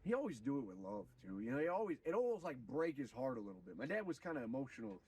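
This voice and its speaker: A man streaming, retelling a story in an animated, profane, preachy way. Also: mid-range voice, racing, slightly rough, recorded from a distance, low-quality recording. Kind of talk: casual storytelling on a livestream.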